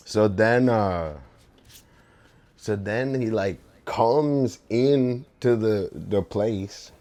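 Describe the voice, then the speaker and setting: A young man talks casually as he draws, wandering through a story with plenty of fillers and swearing. His voice sits low. He speaks slowly and never rushes. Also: warm tone. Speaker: streamer and artist. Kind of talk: casual chat while drawing. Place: home room.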